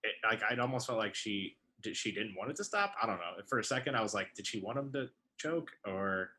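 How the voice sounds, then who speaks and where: A man's voice: lowish voice, expressive, fairly quick, bright, forceful tone. A man co-hosting a casual recap chat, speaking hesitantly with restarts. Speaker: podcast co-host.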